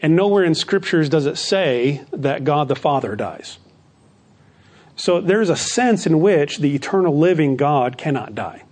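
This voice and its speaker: A man's voice: a little high, lively intonation, measured pace, darkish tone. A man preaching a sermon, earnest and often asking rhetorical questions for agreement. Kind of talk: sermon or Bible teaching.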